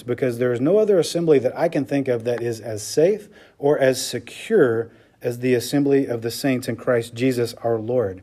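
Mellow-voiced man preaching a sermon. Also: medium pitch, normal speed. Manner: emphatic preaching, frequent "okay?" and "right?" checks. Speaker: pastor.

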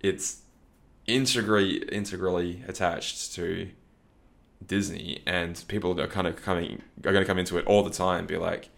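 A man's voice: low-pitched, fairly even intonation, normal speed, gravelly, fairly bright tone. A man speaking as a guest on a casual podcast, ranting in exasperation and laughing often.

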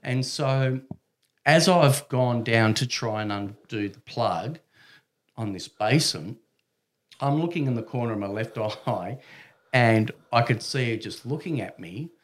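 A man spins a rambling, funny anecdote in a mid-pitched voice. He rises and falls in loudness as he acts out other people, and laughs into his own sentences. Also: expressive, measured pace. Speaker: storyteller. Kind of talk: casual anecdote.

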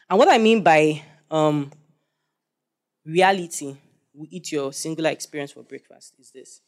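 A young man preaching a sermon, animated and joking as he quizzes the congregation. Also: a little high.

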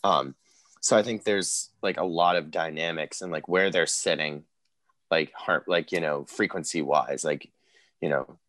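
A man with an extremely deep, low voice talks casually on a music podcast. He rambles, stacking filler words as he works through his thoughts. The sound is dry and close, with no room around it. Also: a little slow, a bit bright, dry recording.

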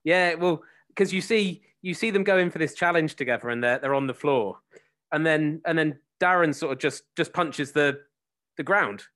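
A man co-hosting who retells a match in casual chat, excited and rambling. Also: a little high, moderate pace.

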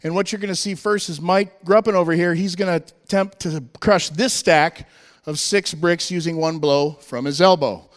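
An American man with a fairly high, smooth and resonant voice works a church crowd through a handheld microphone. He jokes, then pumps everyone up with shouts and calls to cheer. His voice rings through a reverberant church hall. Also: fairly even intonation, normal speed. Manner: hyped, joking, rallying the crowd with shouts. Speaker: touring strength team presenter. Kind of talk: energetic church stage presentation. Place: church hall with live audience.

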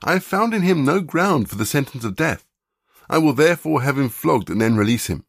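A man's voice: medium pitch, animated, a little fast, dry recording, clean studio sound, pitched above the performer's own voice. A man voicing a troubled Roman governor during a scripture reading, earnest and pleading, raising his voice a little. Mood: insistent. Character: stern troubled Roman governor, male adult.

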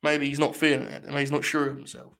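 A man's voice: mid-range voice, level tone, fast talker, vocal fry, fairly bright tone. A young man hosting a live watch-along stream, talking in a mock-grandiose, rambling way full of swearing.

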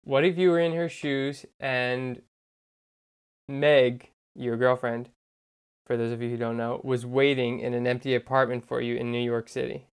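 A podcast co-host in casual chat, teasing the other host with quick, dry comebacks. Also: mid-range voice, steady tone, smooth.

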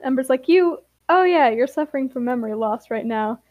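A woman's voice: high voice, expressive, fairly quick, no room sound, highs cut off. A young woman co-hosting a podcast. She reads her old fan story aloud with commentary, giggles often, and jumps her voice up for the quoted characters. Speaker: podcast co-host.

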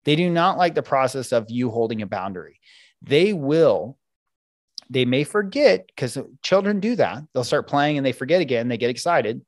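Animated man explaining parenting tools. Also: medium pitch, moderate pace, dry recording. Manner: animated, acts out parents and kids in quoted voices. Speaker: parenting coach guest. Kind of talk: podcast interview explaining parenting techniques.

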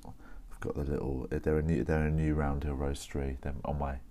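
A man's voice: rumbling low, flat delivery, moderate pace, dark tone. A man hosting a podcast, chatting casually and rambling at his desk, often correcting himself. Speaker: podcast host. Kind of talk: casual solo chat.

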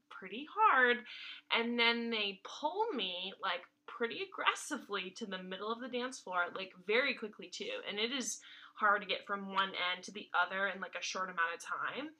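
A young woman chats on a podcast, winding through a long story with constant "like" fillers. Her voice is very bright and sharp, sitting at a middle pitch. She keeps it loose and conversational. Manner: rambling, lots of "like" fillers. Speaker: podcast co-host. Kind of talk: casual storytelling chat.

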